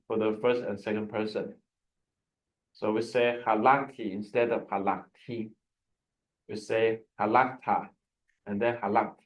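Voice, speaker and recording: A man's voice: medium pitch, a little mellow, poor audio. A man teaching a Hebrew lesson over a video call, explaining patiently with frequent restarts and fillers. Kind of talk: online language lesson.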